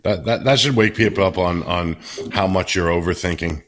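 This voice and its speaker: A man's voice: deep voice, moderate pace, fairly bright tone, slight background noise. A man who coaches clients, talking bluntly and laid-back on a podcast, with casual swearing.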